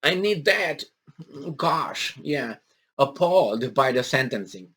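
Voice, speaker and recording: A man's voice: mid-range voice, big pitch swings, takes it slowly, pushed and bright. A man reads out news items and breaks off to mock them. His talk rambles, full of fillers and restarts, and has a sarcastic bite. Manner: sarcastic, mocking asides and put-on impressions. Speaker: political commentary vlogger. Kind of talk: casual monologue reading and commenting on news.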